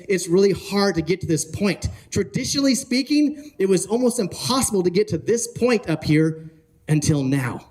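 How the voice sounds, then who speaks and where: A man giving an energetic talk at a conference, often asking the audience questions and joking with them. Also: on the high side. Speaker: conference speaker. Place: conference hall.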